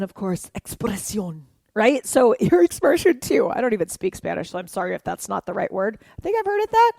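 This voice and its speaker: A woman's voice: medium pitch, creaky, a little mellow, dry recording, clean studio sound. A woman dance instructor explaining moves and counting beats aloud while she dances, in an encouraging, explanatory way. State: moving while talking.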